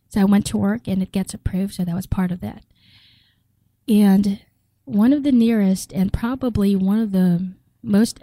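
A middle-aged woman from the Philippines tells her story with energy, slipping into the voices of the people she quotes. Her tone is warm and mellow, and she is recorded close to the mic with a dry, dead sound. She laughs easily as she talks. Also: mid-range voice, dry recording, poor audio. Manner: animated, acts out quoted dialogue, laughs often. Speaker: guest telling her story. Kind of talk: personal storytelling.

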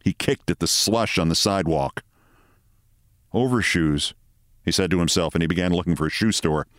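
A man hosting a show, reading a short story aloud in measured, dramatic narration. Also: low voice, a bit bright, no room sound, clean studio sound.

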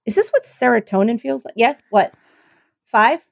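A woman's voice: on the high side, big pitch swings, moderate pace, creaky, no echo, clean studio sound. A woman co-hosting a casual comedy chat, playful and giggly, who often trips over her words. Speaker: podcast co-host.

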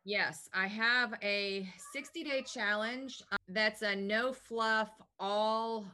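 Speaking slowly in a medium-pitched voice, this woman sounds bright and forceful. She's giving casual interview answers about her health business, upbeat, talkative and full of enthusiasm.

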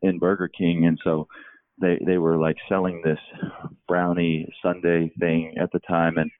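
Deep-voiced man telling a story. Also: monotone. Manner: halting, repeats words. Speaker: guest. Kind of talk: casual storytelling. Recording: tinny phone-like line.

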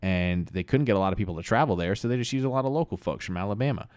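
A man's voice: on the low side, very fast, darkish tone, no echo. A man co-hosting a podcast, telling an improvised comic story in a rambling way. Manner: rambling, many restarts and fillers. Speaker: podcast co-host.

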